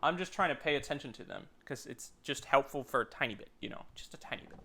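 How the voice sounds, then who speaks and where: A man's voice: medium pitch, quick pace, bright, forceful tone, faint music behind. A man streaming a game live, commenting casually and swearing as he works things out. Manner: profane, thinking aloud.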